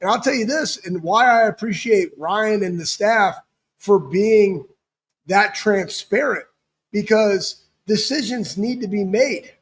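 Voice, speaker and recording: A man's voice: high voice, takes it slowly, breathy edge. A man co-hosting a sports talk show as a former player, speaking earnestly and repeating points for emphasis. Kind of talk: casual sports chat.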